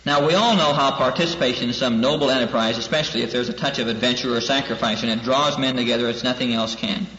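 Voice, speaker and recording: A man's voice: mid-range voice, fast, few pauses, sharp tone. A male minister teaching a class in an earnest preaching style, repeating key lines for emphasis. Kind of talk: preaching lecture. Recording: dull echoey hall with faint hiss.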